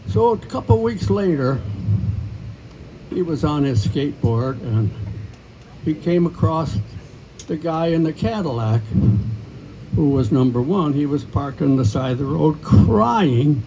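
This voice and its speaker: A man in his nineties telling jokes at a party in a halting, chuckling way. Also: fairly high pitch, lively intonation, warm tone, muffled recording, slight background noise. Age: 90s. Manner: halting, chuckling, with many fillers. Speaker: joke teller at a birthday party. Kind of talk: casual joke telling.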